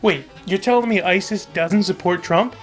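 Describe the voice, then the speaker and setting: A man's voice: high voice, normal speed, loud music behind the voice. A man hosting a satirical comedy show, delivering a sarcastic, mock-dramatic rant. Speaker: host.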